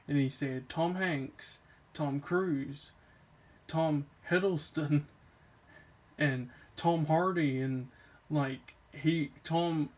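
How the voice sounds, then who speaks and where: A young man vlogging in a casual, rambling way, with lots of fillers and restarts as he talks about films he loves. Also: fairly high pitch. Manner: rambling, full of "like" and "um", enthusiastic. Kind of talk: casual movie chat.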